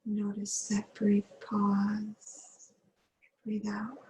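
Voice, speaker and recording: A woman yoga teacher guiding a slow yin yoga meditation, giving soothing breath cues with long pauses. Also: mid-range voice, completely flat delivery, a little mellow, roomy sound, slight background noise, rough recording.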